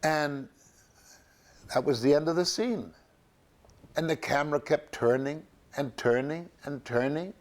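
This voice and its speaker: An older man recalling his film work in an interview, halting and full of fillers and restarts. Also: a little high. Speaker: actor interviewee. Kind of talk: reminiscing interview.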